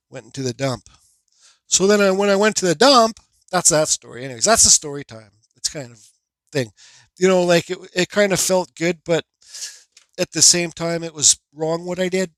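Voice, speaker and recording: A man who carves wood tells a personal story in rambling, casual fashion, swearing freely and restarting his sentences. His voice sits a little high for a man. The sound is dry and close, with no room echo. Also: normal speed, a bit bright. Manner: blunt, profane, rambling with restarts. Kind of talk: casual storytelling while carving.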